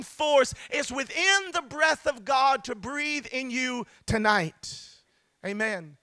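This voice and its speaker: A man, building from quiet storytelling to impassioned, shouted peaks. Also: extremely high pitch, lively intonation, slow pace, dry recording. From United States. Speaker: preacher. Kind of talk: sermon.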